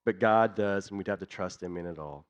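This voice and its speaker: A man's voice: deep voice, fairly quick. A man giving a church missions talk in an earnest way, building his points through repeated lists, in a dull lo-fi recording. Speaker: missions speaker.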